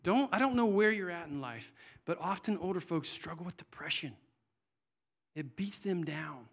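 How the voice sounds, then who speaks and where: A middle-aged man preaching with a slightly raised pitch. He talks earnestly and conversationally, circling back and restarting his phrases as he presses his point. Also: moderate pace, a bit bright. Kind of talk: sermon.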